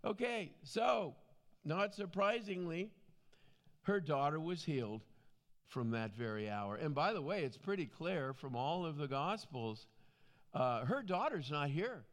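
Slow, animated male preacher. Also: a little high. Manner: animated, conversational preaching with asides. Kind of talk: expository Bible teaching.

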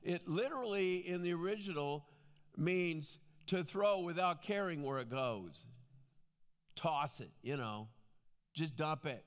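A man's voice: on the high side, unhurried, clean tone. A man teaching from the Bible in a conversational preaching style, with frequent asides.

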